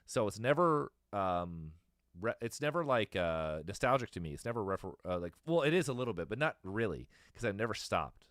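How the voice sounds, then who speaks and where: Low-voiced man rambling casually, swearing freely. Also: big pitch swings, a bit bright, no room sound, clean studio sound. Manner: rambling, profane, quick to laugh. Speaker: podcast host. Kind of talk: casual chat.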